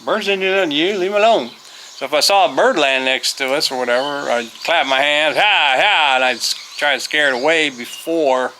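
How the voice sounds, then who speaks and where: Bright-voiced man telling a rambling story. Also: medium pitch, slight background noise. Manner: rambling, folksy, with many fillers and restarts. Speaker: vlogger, former teacher. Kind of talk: casual storytelling. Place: outdoors on a farm.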